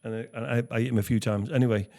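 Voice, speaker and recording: A man co-hosting a podcast, talking candidly and earnestly, halting with many restarts. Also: mid-range voice, fairly even intonation, vocal fry, warm tone. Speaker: podcast co-host. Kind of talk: candid conversation.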